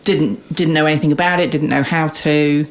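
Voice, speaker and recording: A woman's voice: deep voice, steady tone, normal speed. A woman co-hosting a podcast, chatting casually in a chatty manner with frequent laughter. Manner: chatty, warm laughter, talks in restarts. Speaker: podcast co-host. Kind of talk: casual chat.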